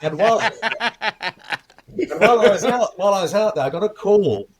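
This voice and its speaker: A man's voice: high-pitched, moderate pace, slight background noise. An older man, a film editor, telling stories in an interview, laughing often and acting out the people he quotes. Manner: lively storyteller, acts out quoted voices, laughs often. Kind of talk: anecdotal interview storytelling.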